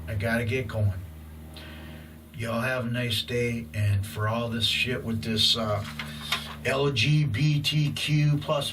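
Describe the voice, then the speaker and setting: A man's voice: mid-range voice, far from the mic, noisy background. A middle-aged man ranting to camera in a blunt, profane, intense way. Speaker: vlogger.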